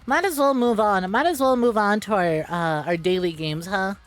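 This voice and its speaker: A woman's voice: medium pitch, normal speed, faint music behind. A woman VTuber streamer, chatting casually on a live stream into a close mic, rambling, swearing freely and flipping between rants and laughter.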